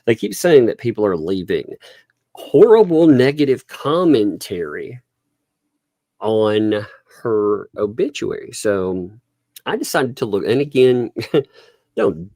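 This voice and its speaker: A man's voice: mid-range voice, very animated, takes it slowly, warm tone, no room sound, studio quality. A man hosting a casual livestream commentary, chatty and laughing often as he talks. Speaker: livestream host.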